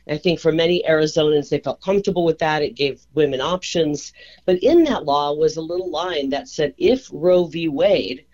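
A woman's voice: deep voice, darkish tone. A woman calling in to a radio interview as a political candidate, explaining her position fluently and carefully. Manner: fluent, measured explanation with restarts. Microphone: telephone. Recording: dull phone-line sound.

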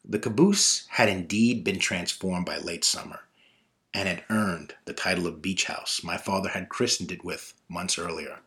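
A man narrating a personal story in a measured, reflective way. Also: low-pitched, bright, forceful tone.

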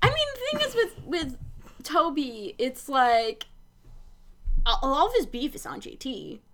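Lively high-voiced woman chatting. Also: unhurried, slight background noise. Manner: animated, swearing, lots of "like". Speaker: podcast co-host. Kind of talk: casual chat recapping a TV episode.

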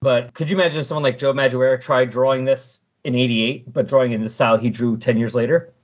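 A man's voice: mid-range voice, fairly even intonation, quick pace, lo-fi sound. A man hosting a podcast, recapping comic book scenes in casual chat and animatedly acting out the characters' lines. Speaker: podcast host.

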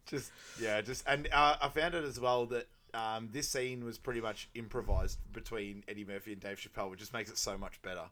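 A man's voice: on the low side, steady tone, moderate pace, bright, forceful tone. A man co-hosting a movie podcast, recapping a film in casual chat and laughing often as he quotes lines in a raised voice. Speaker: podcast co-host.

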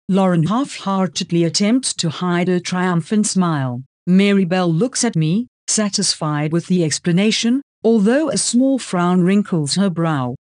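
A narrator reading a story aloud in an even, measured first-person style. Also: mid-range voice, no echo, studio quality. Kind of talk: scripted audiobook narration.

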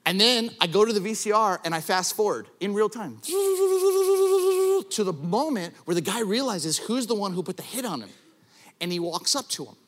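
A man preaching a sermon as pastor, telling stories with self-deprecating humor and rising to shouts for emphasis. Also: high-pitched, normal speed. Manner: animated storyteller, rises to shouting for emphasis.

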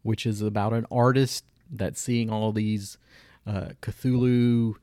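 A man's voice: on the low side, little pitch movement, slow pace, mellow, no echo. A man co-hosting a podcast, casually reviewing shows in a laid-back way and giving dry verdicts. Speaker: podcast co-host.

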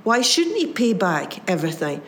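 A woman's voice: medium pitch, very animated, normal speed, a little hiss or hum, natural voice. A woman playing a resentful, indignant elder brother. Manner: scornful, incredulous.

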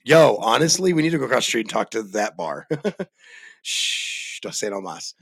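A man's voice: fairly low pitch, lively intonation, fast, creaky, breathy edge, dry recording. A man co-hosting a sports podcast in loose, joking, profane casual chat. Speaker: podcast co-host.

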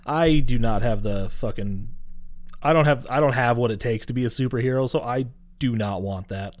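A man's voice: mid-range voice, no room sound. A man in casual podcast chat, retelling a film scene by scene with plenty of profanity and tangents. His voice sits in an ordinary middle register and slips into goofy impressions of the characters. The mic is close and dry. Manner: profane, rambling, laughs and puts on quick character voices. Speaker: podcast co-host. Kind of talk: casual movie recap chat.

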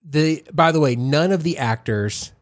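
A man's voice: fairly high pitch, expressive, measured pace. A man with an East Texas accent co-hosting a podcast, retelling a movie in a joking, teasing way. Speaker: podcast co-host. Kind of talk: casual chat.

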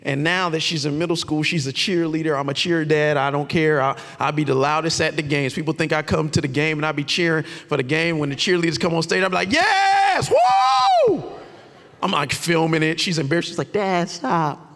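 A man preaching a lively, conversational sermon, shouting out his key points. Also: on the high side, quick pace, hardly any pauses, big-room sound. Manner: animated and conversational, with shouted emphasis. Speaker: pastor.

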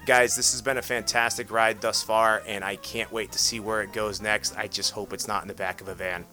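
A man's voice: lowish voice, flat delivery, a little fast, sharp tone, soft background music. A man hosting a casual podcast, chatty and full of restarts as he wraps up the show. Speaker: podcast host.

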